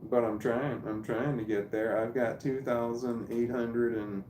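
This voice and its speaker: A man casually chatting on a live stream, reading viewer comments aloud in a rambling, halting way and repeating words as he goes. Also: mid-range voice, fairly even intonation, a little mellow. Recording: roomy echo with faint noise.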